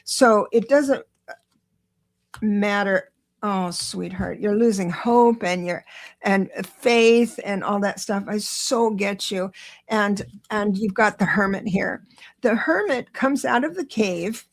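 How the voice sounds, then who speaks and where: A woman hosting a live-stream tarot reading, chatty and encouraging, talking quickly with many restarts. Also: medium pitch. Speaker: tarot reader and show host.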